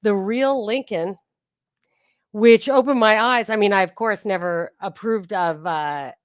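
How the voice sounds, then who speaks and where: A woman's voice: medium pitch, measured pace, no echo. Chatty woman podcast host, dry sound. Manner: chatty and digressive, with frequent restarts. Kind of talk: casual book reading and discussion.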